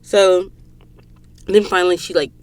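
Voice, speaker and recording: A young woman from the American South with a Southern accent, hosting a podcast and recapping a book in a casual, animated way, acting out the characters' dialogue. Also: fairly low pitch, measured pace. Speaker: podcast host.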